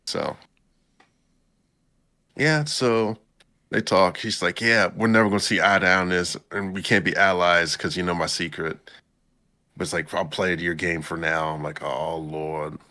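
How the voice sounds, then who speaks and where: A man co-hosting a casual podcast, animatedly retelling an anime episode and jumping into a higher voice for the characters' lines. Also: fairly even intonation, moderate pace, long pauses, bright, forceful tone. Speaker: podcast co-host recapping an anime. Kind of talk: casual chat.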